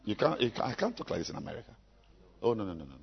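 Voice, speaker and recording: A man preaching a sermon to his congregation, emphatic and repetitive, with sudden loud bursts. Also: lowish voice, sing-song, very fast, creaky, breathy edge. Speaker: pastor. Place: church. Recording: echoey church hall, dull lo-fi sound.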